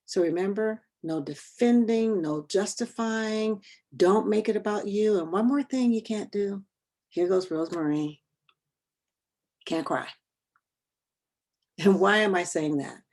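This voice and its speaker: Mellow-voiced woman trainer questioning her group. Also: mid-range voice. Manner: conversational, quizzes the group with quick questions. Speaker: workshop trainer. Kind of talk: interactive training session.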